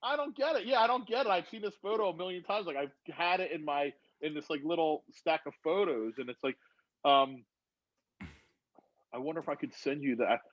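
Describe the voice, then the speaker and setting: A man's voice: a little high, a little fast, no room sound, dull audio. A man telling a rambling, profane story in casual chat over a video call on his phone. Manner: rambling, profane, animated retelling. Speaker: guest storyteller.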